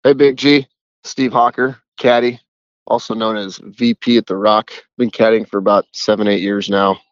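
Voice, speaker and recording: A man's voice: on the low side, fairly even intonation, normal speed, no room sound, dull audio. A man who works as a caddie, telling a rambling story in a casual voicemail. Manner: chatty, rambling.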